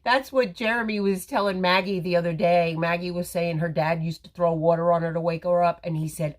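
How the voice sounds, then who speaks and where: A woman's voice: fairly low pitch, fairly even intonation, a little fast, hardly any pauses. A middle-aged woman hosting a casual live makeup tutorial, chatty and rambling as she talks to viewers on her phone camera. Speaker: makeup livestream host. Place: home or salon with ring light.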